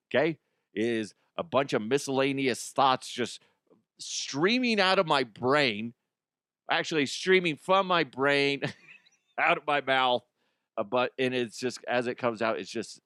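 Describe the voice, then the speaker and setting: A Colorado man with a mid-range, fairly bright voice hosts a comedy podcast, recorded with clean studio sound and no room noise. Slightly sick with the flu, he delivers a rambling comic monologue full of self-mockery and crude jokes.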